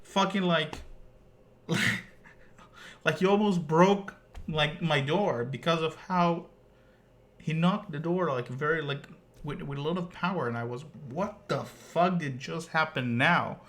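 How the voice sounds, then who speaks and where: A man's voice: fairly high pitch, slow, long pauses, fairly bright tone. A man streamer telling a casual story as a rant, rambling with lots of "like" and some swearing. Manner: rambling, swears, many "like" fillers.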